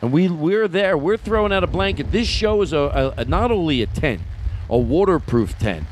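A man's voice: high voice, expressive, brisk, a little hiss or hum. A man from Philadelphia hosting a podcast, rambling in casual comic banter with lots of restarts and laughs. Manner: rambling, stop-start, laughing often. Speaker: podcast host.

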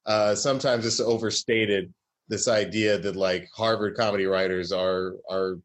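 A man's voice: fairly low pitch, steady tone, normal speed. A man from Georgia, a comedy writer, telling stories in a casual interview with many fillers and restarts.

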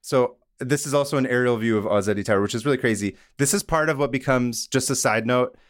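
A man's voice: mid-range voice, fast, no room sound, clean studio sound. A young man hosting a casual podcast chat, telling a story in a rambling way with frequent laughs and jokey asides. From Iran. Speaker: podcast host.

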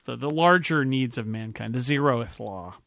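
A man's voice: mid-range voice, animated, moderate pace, gravelly, a bit bright, dry recording. A man hosting a casual panel chat, joking, laughing often and calling on the others to pick. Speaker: host.

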